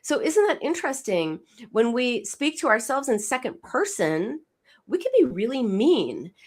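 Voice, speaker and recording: A woman psychoanalyst explaining her method as an interview guest, emphatic and quick to repeat and restart words. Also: a little high, big pitch swings, darkish tone.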